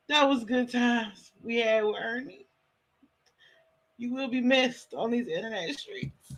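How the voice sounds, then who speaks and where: A woman's voice: high-pitched, measured pace, a bit bright, poor audio. A woman hosting a livestream, chatting with viewers and reacting with dramatic, playful commentary. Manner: chatty, dramatic, laughing asides to chat. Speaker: livestream host reacting to a clip. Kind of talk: casual commentary.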